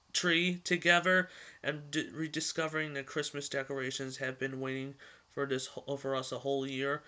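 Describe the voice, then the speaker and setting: A man's voice: medium pitch, pushed and bright, pitched below the performer's own voice, natural voice. A man reading the lines of a cheerful male cartoon mouse from a storybook, stumbling and restarting as he goes. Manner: halting read-aloud with stumbles and restarts.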